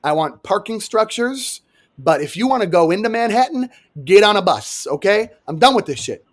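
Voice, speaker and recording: Animated sarcastic young man, higher voice. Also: moderate pace. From New York. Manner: animated, sarcastic, swears freely. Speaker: podcast co-host. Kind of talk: casual comedic chat.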